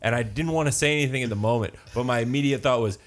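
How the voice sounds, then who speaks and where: A man's voice: medium pitch, very fast. Wry, teasing young man. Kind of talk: casual podcast chat.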